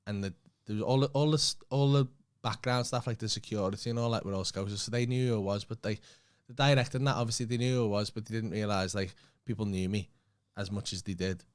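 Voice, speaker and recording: A man with a Liverpool accent, a comedian co-hosting a podcast, telling a story in an animated way, swearing freely and acting out what other people said. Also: on the low side, fast, clear, resonant tone. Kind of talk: casual anecdote telling.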